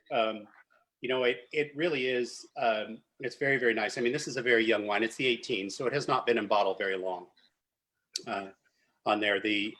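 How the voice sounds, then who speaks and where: A man, a winemaker, chatting casually at a virtual wine tasting and telling stories with frequent laughter. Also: mid-range voice. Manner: animated storyteller, laughs often. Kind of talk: casual chat. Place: virtual tasting video call.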